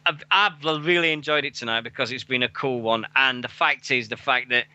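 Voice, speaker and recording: British male radio host on a headset, loose and rambling with frequent swearing, sharp bright tone. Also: mid-range voice, brisk, no echo. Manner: rambling, swears, laughs often. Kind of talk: casual radio show chat.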